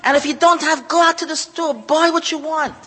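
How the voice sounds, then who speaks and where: A lecturer who runs a kollel gives an emotional Torah talk, repeating phrases and sounding close to tears. His very high, sharp voice moves a little fast with fairly even intonation, and the recording has long hall reverb.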